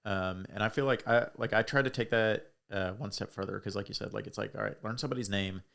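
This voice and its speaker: A man's voice: on the low side, fast talker, creaky, fairly bright tone. A young man who is a podcast guest, talking earnestly in casual chat and leaning on "like" as a filler.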